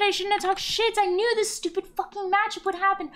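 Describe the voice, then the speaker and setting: A woman's voice: very high-pitched, little pitch movement, fairly quick, fairly bright tone. A young woman streaming a game, venting and swearing in exasperated running commentary. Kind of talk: live gameplay commentary.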